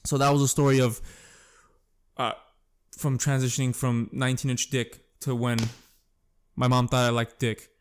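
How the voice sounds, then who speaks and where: A man's voice: medium pitch, little pitch movement, normal speed, long pauses, a little hiss or hum. A young man hosting a podcast alone, telling crude stories in a rambling way, full of fillers and self-corrections. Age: young adult. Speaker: podcast host. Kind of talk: casual solo storytelling.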